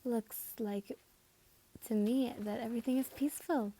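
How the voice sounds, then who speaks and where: A woman voicing a calm, polite young woman painter in an amateur fan story reading. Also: fairly high pitch, a little slow, breathy edge, poor audio.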